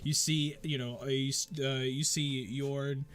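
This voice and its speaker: A man's voice: mid-range voice, level tone, a little slow. A man narrating as game master in a casual, rambling way with many fillers.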